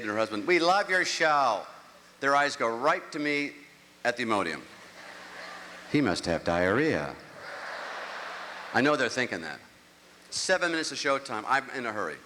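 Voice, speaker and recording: Stand-up comic, man, middle-aged, bright edgy voice, rambling self-mocking stories, live hall reverb. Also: mid-range voice, slight background noise. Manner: rambling, self-mocking storytelling with act-outs. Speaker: stand-up comedian. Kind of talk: stand-up comedy set. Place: large live venue, on stage. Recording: live show audio with long hall reverb.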